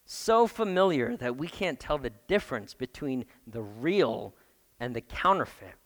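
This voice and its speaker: A man's voice: medium pitch, sing-song, measured pace, a bit bright. Emphatic male pastor in a reverberant hall. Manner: emphatic, asks the congregation questions. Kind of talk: sermon. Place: church.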